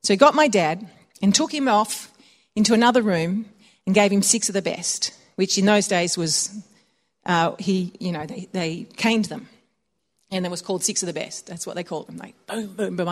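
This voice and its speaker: A woman's voice: medium pitch, normal speed. A woman preaching a conversational sermon, telling personal stories and laughing often.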